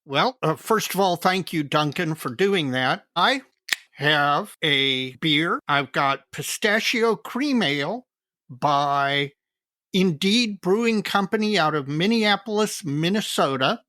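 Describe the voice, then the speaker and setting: A man co-hosting a podcast in casual chat, easygoing and quick to laugh. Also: on the high side, expressive, sharp tone, dry recording, studio quality. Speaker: podcast co-host.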